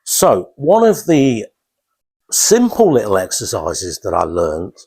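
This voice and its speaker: A man gives his first talk in a small lounge, speaking haltingly with restarts and fillers. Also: on the low side, wildly swooping pitch, a little mellow, husky. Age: 50s. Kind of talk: informal talk to a small audience.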